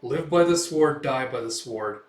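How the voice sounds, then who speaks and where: A man's voice: medium pitch, expressive, unhurried, close to an everyday voice. A man voicing a jolly older male priest, hearty and talkative. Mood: earnest. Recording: echoey room, distant mic.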